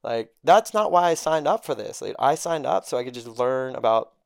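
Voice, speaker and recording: A man's voice: mid-range voice, moderate pace, creaky, dry recording, studio quality. A young man telling a story in casual talk, swearing a lot and acting out the voices of the people he quotes. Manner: profane, animated, acts out quoted dialogue. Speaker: podcast guest.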